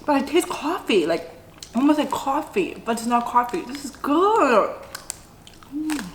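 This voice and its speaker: In a high, expressive voice at normal speed, a middle-aged woman chats through her eating vlog, humming "mm" between bites. There's slight background noise, and the space sounds roomy and echoey.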